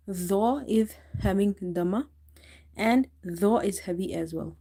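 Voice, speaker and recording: Female tajweed teacher, patient and explanatory, mellow voice, slow drawn-out recitation. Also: medium pitch.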